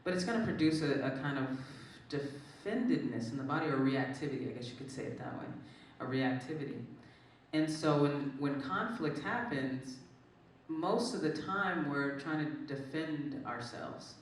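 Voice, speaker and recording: An author and guest speaker in a live onstage conversation, talking expressively and jumping up high when animated. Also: normal speed, a little hiss or hum. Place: large echoing hall at a live event. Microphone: distant from the microphone. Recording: echoey hall from far off.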